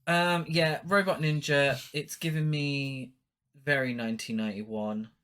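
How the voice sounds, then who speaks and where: Podcast guy recapping a movie, bright forward voice, dry jokey swearing. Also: mid-range voice, fairly even intonation, unhurried. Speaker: podcast co-host. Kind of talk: casual film review chat.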